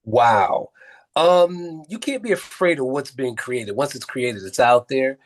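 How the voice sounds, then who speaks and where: A man's voice: mid-range voice, lively intonation, takes it slowly. A man, a film producer and actor, speaking as a guest in a casual interview, telling earnest, rambling stories full of fillers.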